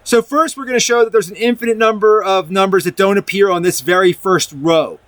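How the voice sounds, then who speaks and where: Reading from a document and tossing in offhand remarks, a man rambles through a math proof for his viewers, restarting himself often. He's a math video presenter with a high-pitched, somewhat bright voice and a fairly quick pace. The recording is dry.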